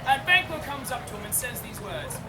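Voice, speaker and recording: Playful high-voiced woman storyteller, far off. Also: sing-song, a little fast, over loud music. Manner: playful, laughing, calls out to the audience. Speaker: storyteller leading an audience-participation play. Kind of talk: interactive comic storytelling to a live crowd. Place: outdoors in a busy public space. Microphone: far from the recording device. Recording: distant echoey outdoor recording with crowd noise. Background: loud crowd and ambient noise.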